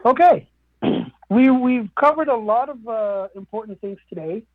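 Husky man over a tinny phone-like line. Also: extremely high pitch, lively intonation, unhurried, no room sound. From Caribbean. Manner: musing, earnest, with many fillers and restarts. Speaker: radio guest speaker. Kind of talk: reflective radio talk. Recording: narrow phone-like radio sound.

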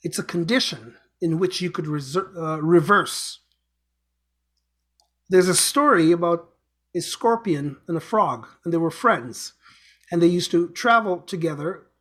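A man's voice: on the high side, lively intonation, measured pace, fairly bright tone. A man hosting an inspirational show, giving an earnest motivational talk with repeated exhortations and a told fable. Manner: earnest, repetitive urging, exhortations.

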